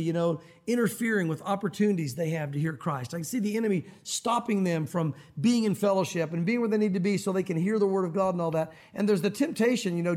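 With a high voice, a middle-aged man gives a sermon as pastor. He's animated and acts out quoted voices as he preaches.

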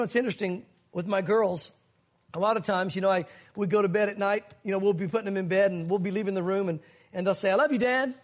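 A man preaching a sermon as pastor, speaking in an earnest, conversational way, full of asides to the congregation. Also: high voice.

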